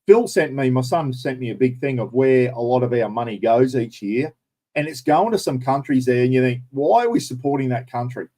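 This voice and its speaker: A man's voice: medium pitch, animated, fairly quick, mellow. A middle-aged Australian man hosting a casual live stream and answering viewers, blunt and opinionated, swearing now and then. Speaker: livestream host.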